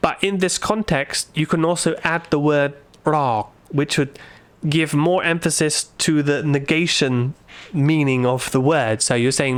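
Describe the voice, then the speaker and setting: A man's voice: a little high, steady tone, quick pace, smooth. A man giving a casual spoken lesson, explaining in a conversational way and acting out short everyday exchanges as examples. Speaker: language teacher.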